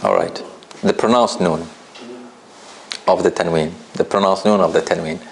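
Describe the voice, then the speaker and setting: Low, gravelly-voiced man teaching a class. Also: moderate pace, a little hiss or hum. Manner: conversational, often checks understanding with "right?"; questions students directly. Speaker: Quran recitation teacher. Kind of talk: classroom lesson.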